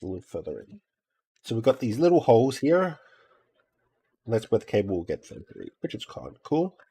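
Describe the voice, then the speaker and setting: A man's voice: medium pitch, sing-song, normal speed, vocal fry, dark tone, breathy edge. Middle-aged aussie-born guy fixing consoles, mid voice, mumbles to himself n talks to the wires. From Australia. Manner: mutters to himself and coaxes parts while soldering. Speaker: console repair streamer. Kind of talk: casual talk while working.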